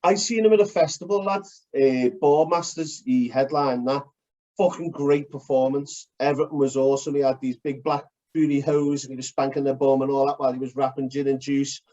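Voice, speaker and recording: A man's voice: medium pitch, a little fast. Sweary man on a lo-fi recording. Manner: blunt, sweary and animated, breaking down fight technique. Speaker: podcast co-host. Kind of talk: casual chat. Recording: dull lo-fi recording.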